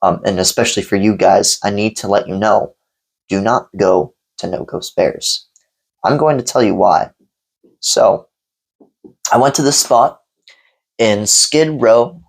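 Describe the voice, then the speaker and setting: A man's voice: lowish voice, unhurried, vocal fry, pauses often, poor audio. A man telling a story on a coffee vlog, candid and rambling, swearing freely. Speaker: coffee reviewer vlogger.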